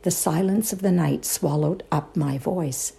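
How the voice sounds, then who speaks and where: A woman performing a dramatic reading of a ghost story, hushed and suspenseful, often dropping to a whisper. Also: sits low, a little slow, creaky. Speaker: reader in a readers' theatre show.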